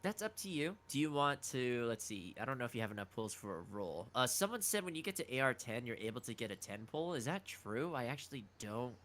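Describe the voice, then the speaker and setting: A man's voice: medium pitch, sing-song, a little fast, hardly any pauses, fairly bright tone. A man guiding a friend through a game on a casual stream, teasing her and explaining the controls step by step. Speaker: gaming guide and co-streamer. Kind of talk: casual live-stream chat.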